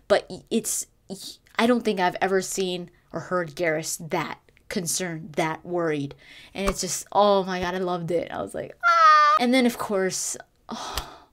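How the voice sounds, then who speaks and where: A woman talking casually as a gaming vlogger, gushing and excitable, with frequent restarts and fillers. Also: medium pitch. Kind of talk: casual fan commentary.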